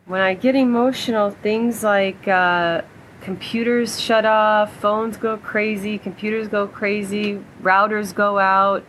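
A woman's voice: mid-range voice, fairly even intonation, slow pace, a bit bright, slight background noise, low-quality recording. A woman co-hosting a casual spiritual chat over a remote call, talking in an emotional, gushing, rambling way. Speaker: co-host.

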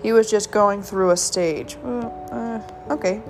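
A woman's voice: mid-range voice, unhurried. Woman, casual podcast host, reads jokes, giggly, trips over punchlines, faint music underneath. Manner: giggly, stumbles over punchlines, self-commenting. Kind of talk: casual solo podcast, reading jokes aloud.

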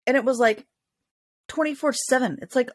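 A woman's voice: high voice, normal speed, no room sound, studio quality. A young woman co-hosting a casual parenting chat, venting and laughing often. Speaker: podcast co-host.

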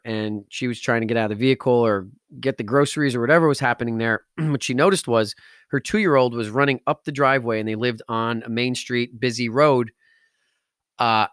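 A man's voice: mid-range voice, fairly bright tone, clear, resonant tone, no room sound, clean studio sound. A man hosting a podcast, telling an emotional story with intense, emphatic delivery that rises into outbursts. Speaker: podcast host.

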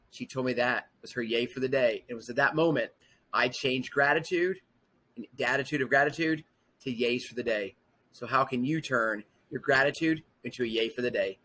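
A middle-aged man speaks as a motivational podcast host and coach. His voice sits a little high for a man. He talks in an upbeat, encouraging way and stacks up repeated words for emphasis. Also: pushed and bright.

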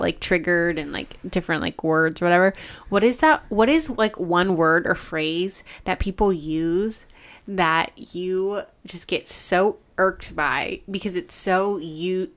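A woman hosting a podcast in a casual chat, animated and quick to laugh. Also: fairly low pitch. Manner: giggly, animated. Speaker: podcast host.

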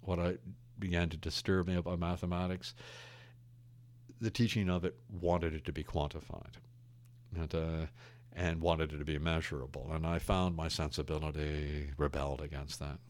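A man's voice: rumbling low, level tone, normal speed, darkish tone. An older man, a former English teacher, talking in a thoughtful, wry and digressive way. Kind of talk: reflective conversation.

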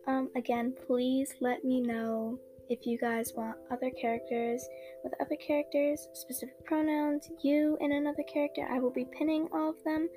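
A woman's voice: high-pitched, level tone, moderate pace, mellow. A young woman casually chatting and reading her own fan story, hesitant with many ums. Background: background music.

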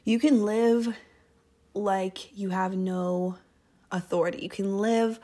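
A woman's voice: mid-range voice, steady tone, slow, dark tone. A young woman hosting a casual faith podcast, talking in a rambling, chatty way and often cutting herself off. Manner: rambling, chatty, self-interrupting. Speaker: podcast host. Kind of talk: casual Christian podcast talk.

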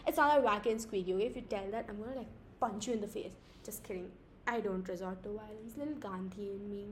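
A young woman from India with a squeaky voice, rambling and giggling through an improvised podcast from home late at night. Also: fast, darkish tone, a little hiss or hum. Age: young adult. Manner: giggly, rambling, self-mocking. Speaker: podcast host. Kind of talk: casual improvised podcast chat.

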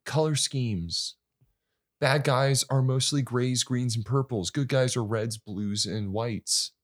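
Animated, foul-mouthed man chatting. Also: mid-range voice, slow. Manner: animated, swears freely, does jokey impressions. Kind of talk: casual chat.

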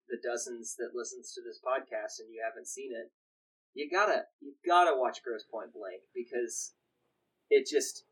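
A man's voice: medium pitch, breathy edge, poor audio. A young man co-hosting a podcast, chatting casually about a movie he loves, rambling with restarts and quoting lines. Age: young adult. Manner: rambling with many restarts and quoted asides. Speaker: podcast co-host. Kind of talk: casual film chat.

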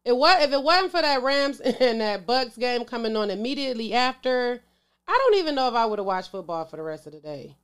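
A woman's voice: a little high, sing-song, a little fast, clear, resonant tone. A woman hosting a casual sports show to camera, emotional, sighing and calling out to her viewers. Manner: emotional, exclaims and sighs, talks to viewers as "y'all".

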